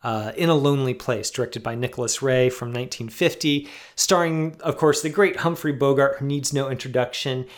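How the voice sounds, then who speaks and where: Thoughtful man co-hosting a film podcast. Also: mid-range voice. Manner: thoughtful, halting, with fillers and laughs. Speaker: podcast co-host. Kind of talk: casual film discussion.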